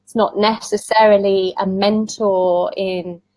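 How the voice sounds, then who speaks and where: A woman talks as an interview guest, chatty and quick to laugh. Her voice sits at an ordinary pitch for a woman. The recording is dry and close, with almost no room sound. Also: level tone, dark tone, no echo, low-quality recording. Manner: chatty storyteller who laughs often. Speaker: tarot reader, summit guest. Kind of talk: casual conversational interview.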